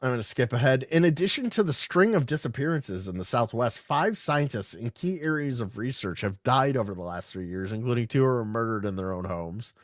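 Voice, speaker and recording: A man's voice: mid-range voice, lively intonation, fairly quick, few pauses. A man hosting a loose podcast, reading stories aloud and breaking off to mock them. His voice rises and falls a lot as he riffs, sarcastic and often swearing. The sound is dry and close, with no room echo. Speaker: podcast host. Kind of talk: casual live-stream commentary reading news aloud.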